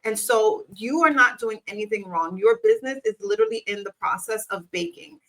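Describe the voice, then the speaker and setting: A woman's voice: on the high side, very animated, brisk, fairly bright tone, rough recording. A woman in her thirties, a business coach, giving a faith-based motivational talk and speaking straight to the viewer in an encouraging way. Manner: encouraging, talks straight to the viewer with repeated questions.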